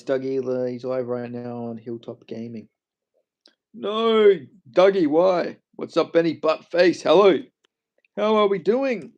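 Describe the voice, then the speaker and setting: A man's voice: a little high, darkish tone. A young Australian man on a casual livestream, joking, swearing freely and answering his chat. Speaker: MMA streamer.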